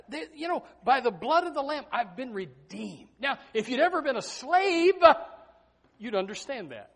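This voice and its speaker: A man preaching a sermon as pastor, animated and folksy, breaking into snatches of hymns. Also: high voice, breathy edge.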